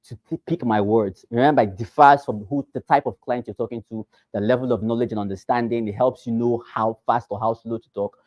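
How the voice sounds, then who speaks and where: A man teaching real estate agents, who talks fast and with emphasis and repeats phrases to drive them home. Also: mid-range voice, steady tone, darkish tone, no room sound. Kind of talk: teaching a class.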